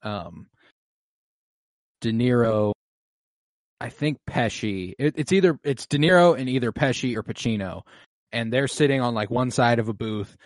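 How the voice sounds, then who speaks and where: A man's voice: mid-range voice, animated, moderate pace, pauses often, no echo. Chatty young man with a dry, close sound. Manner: rambling, many fillers and restarts, acts out quotes. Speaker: podcast co-host. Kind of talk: casual film discussion.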